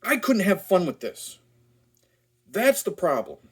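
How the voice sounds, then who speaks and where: A man's voice: sits high, huge pitch swings, measured pace, breathy edge. A man ranting in a casual movie review, blunt, profane and sarcastic.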